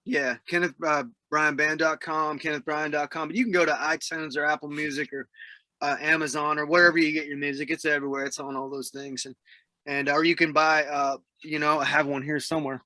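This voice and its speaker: A man's voice: fairly high pitch, level tone, a little fast, sharp tone, no room sound. A man from the Southern US, a musician guest in a casual interview, telling stories in a laid-back way and laughing as he talks. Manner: laid-back storyteller, laughs mid-sentence.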